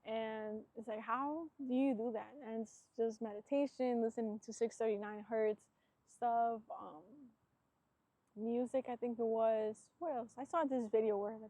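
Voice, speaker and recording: A woman's voice: fairly high pitch, fairly even intonation, moderate pace, dark tone, no room sound. A woman hosting a solo podcast, talking in a rambling, reflective way and filling her sentences with "like". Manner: rambling, reflective, heavy use of "like"; earnest, self-searching. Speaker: podcast host. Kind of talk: casual solo podcast talk.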